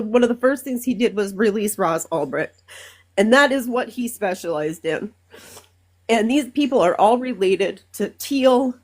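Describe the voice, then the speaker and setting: A woman from Minnesota calling in to a live stream, speaking earnestly and emotionally with halting fillers. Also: on the high side. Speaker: caller. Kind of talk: casual call-in talk.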